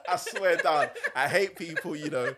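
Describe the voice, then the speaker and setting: A young man from hosting a podcast in casual chat, animated and laughing often, stammering through restarts. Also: on the high side, moderate pace, a crowd in the background. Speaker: podcast host.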